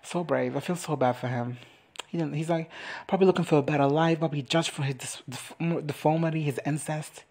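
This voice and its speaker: A chatty reaction vlogger runs through an episode recap with loose, profane humor and frequent laughs. The voice sits at a middling pitch with a husky, slightly breathy texture. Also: a little fast, darkish tone. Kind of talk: casual comedic recap.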